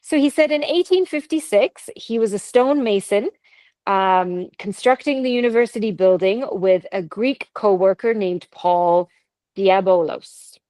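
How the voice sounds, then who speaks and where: Co-hosting a podcast, a Canadian woman chats casually through ghost stories with laughter and asides. Her medium-pitched voice is unhurried and dark in tone, on a rough recording with no room sound.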